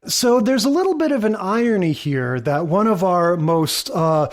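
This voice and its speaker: A man's voice: high voice, animated, normal speed. A man co-hosting a podcast in casual chat, musing and rambling with many asides. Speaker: podcast co-host.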